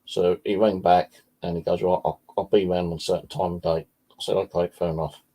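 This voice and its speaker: A man's voice: low voice, little pitch movement, brisk, dark tone. A man telling rambling, profane stories about his cat in a casual vlog chat. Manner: swears freely, rambling anecdotes. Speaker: vlogger. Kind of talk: casual storytelling.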